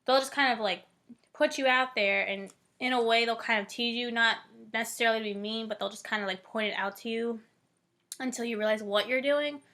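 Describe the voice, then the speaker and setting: A woman's voice: on the high side, fairly even intonation, fairly quick, sharp tone. A woman in her twenties from Northeast Ohio, a college student casually explaining a theory, full of "like" and "um" fillers. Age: 20s. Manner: chatty, many "like" and "um" fillers.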